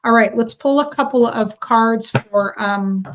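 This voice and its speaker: A woman's voice: fairly high pitch, a little slow. A woman reading tarot and astrology on a live stream, chatty and effusive, talking straight to her viewers with many ums and okays. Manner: chatty and effusive, frequent ums and "okay", addressing viewers directly. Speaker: livestream tarot and astrology reader.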